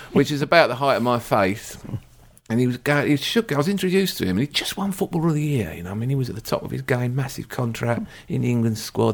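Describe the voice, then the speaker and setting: A man's voice: on the low side, creaky. A middle-aged man co-hosting a podcast, telling a wry, self-mocking story in casual chat. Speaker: podcast co-host.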